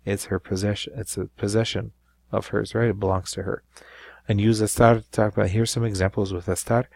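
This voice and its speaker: A man's voice: lowish voice, flat delivery, a little fast, vocal fry, darkish tone, no echo. A man teaching a recorded Spanish grammar lesson, explaining step by step and checking in with frequent "right?".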